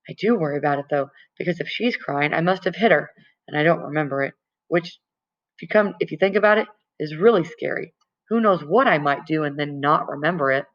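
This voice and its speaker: A woman's voice: low-pitched, fairly quick. A woman reading a novel aloud in plain first-person storytelling, stumbling now and then. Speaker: audiobook reader. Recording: dull lo-fi recording.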